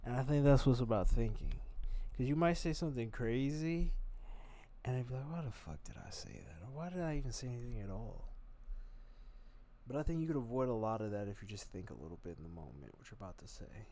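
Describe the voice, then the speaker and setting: A man giving loose, profane reaction commentary on videos, rambling and swinging between loud bursts and mutters. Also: medium pitch, lively intonation, fairly quick.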